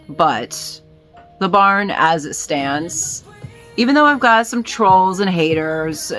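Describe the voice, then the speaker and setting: Low-voiced woman, rambling vlog talk. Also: a bit bright. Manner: rambling, many fillers and restarts. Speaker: vlogger and small business owner. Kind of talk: casual rambling monologue.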